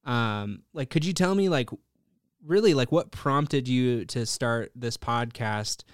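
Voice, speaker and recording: Smooth-voiced man hosting a podcast. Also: mid-range voice, no echo, studio quality. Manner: encouraging, curious, quick to laugh. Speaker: podcast host. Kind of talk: interview chat.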